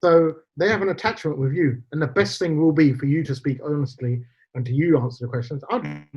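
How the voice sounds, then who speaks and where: A middle-aged man, a podcast guest, telling stories in an animated, chatty way. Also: on the high side, brisk, breathy edge. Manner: storytelling, animated. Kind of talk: casual interview chat. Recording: dull lo-fi sound.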